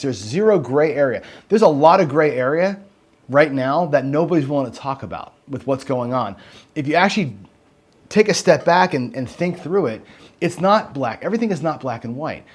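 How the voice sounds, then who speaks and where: A man's voice: a little high, animated, normal speed. A man hosting a casual livestream, rambling and asking "right?" after nearly every sentence, and swearing when he gets heated. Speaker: host.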